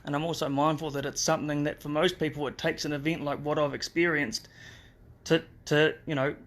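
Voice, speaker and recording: A man speaks into a phone from a hospital room on a live stream. His voice sits a bit high but stays flat and level. He talks in a heartfelt, emotional way, full of fillers and restarts. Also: a little fast. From New Zealand. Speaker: father recovering from a car crash.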